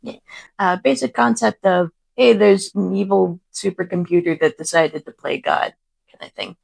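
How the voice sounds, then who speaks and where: A woman co-hosting a podcast in relaxed, offhand casual chat, trailing off with loose phrases. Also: lowish voice, normal speed, vocal fry, dry recording. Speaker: podcast co-host.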